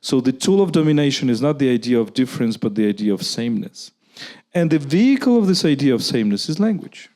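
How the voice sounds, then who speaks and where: A man's voice: mid-range voice, big pitch swings, fast, warm tone. A man with a Ukrainian accent speaking as a guest at a live public conversation, arguing earnestly and often restarting his sentences. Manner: earnest, argumentative, with frequent restarts.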